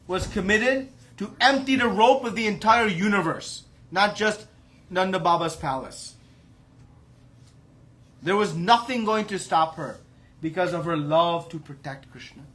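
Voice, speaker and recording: A man's voice: sits high, sharp tone. A man giving a devotional class, telling a story with emphatic rhetorical questions. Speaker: preacher.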